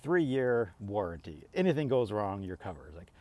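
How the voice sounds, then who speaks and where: A man's voice: fairly low pitch, very animated, normal speed, hardly any pauses, darkish tone. A middle-aged man vlogging in a casual, rambling way, exasperated and full of restarts as he acts out both sides of arguments. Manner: exasperated, rambling, lots of restarts and quoted back-and-forth. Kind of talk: casual talking-to-camera rant.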